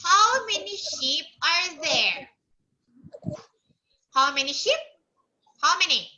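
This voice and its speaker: A woman teaching English to a young child, speaking in slow, exaggerated, coaxing teacher talk. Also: very high-pitched, big pitch swings, pushed and bright, dull audio. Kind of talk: online kids' English lesson.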